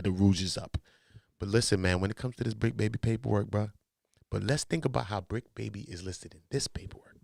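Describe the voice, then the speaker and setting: A man with a Los Angeles accent giving casual, animated commentary, joking in heavy street slang and turning low and serious when explaining. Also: vocal fry, dry recording, clean studio sound.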